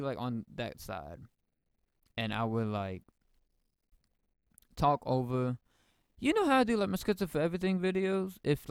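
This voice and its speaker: Young male podcast host, gravelly but smooth voice, casual rambling storyteller. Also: mid-range voice, no room sound, studio quality. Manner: emotional, rambling, slangy with many restarts.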